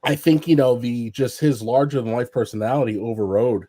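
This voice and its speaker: A man telling wrestling stories over a casual chat, halting, full of "um" and "you know" as he restarts his sentences. His voice is mid-pitched and sits close and dry on the mic. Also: no room sound. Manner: rambling, many fillers and restarts; animated, acts out quotes in raised voice. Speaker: wrestling podcast panelist.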